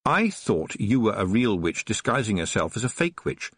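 A man's voice: fairly low pitch, sing-song, normal speed, husky, no echo. A man voicing an earnest, careful young girl witch. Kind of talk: audiobook character voice.

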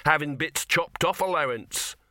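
A man voicing a gruff male troll, a film extra, talking bluntly and grumbling. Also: fairly high pitch, moderate pace, bright, forceful tone, no room sound, clean studio sound, voice pushed up. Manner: blunt, plain-spoken, grumbling.

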